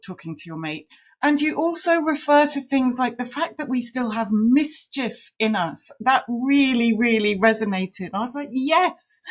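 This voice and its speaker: A woman in her forties hosting an interview podcast, enthusiastic and quick to laugh in casual conversation. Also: a little high. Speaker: podcast host.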